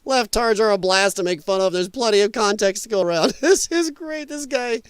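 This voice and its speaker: Mocking, lively male stream host. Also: high-pitched, normal speed, clean tone, no room sound. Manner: mocking, laughing, sarcastic. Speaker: live-stream podcast host. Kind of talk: casual live-stream commentary.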